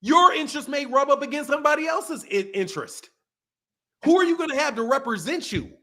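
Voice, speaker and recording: A man's voice: extremely high pitch, animated, fairly quick, bright, forceful tone. A man hosting a casual podcast, ranting emphatically and swearing a lot. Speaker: boxing channel host. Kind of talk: casual profane podcast rant.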